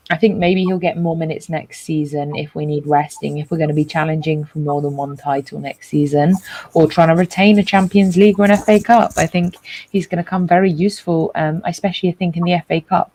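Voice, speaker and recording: A woman's voice: low-pitched, flat delivery, fairly quick, dark tone. A woman talking football in casual chat, rambling and jokey with lots of restarts. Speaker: co-host of a football reaction show.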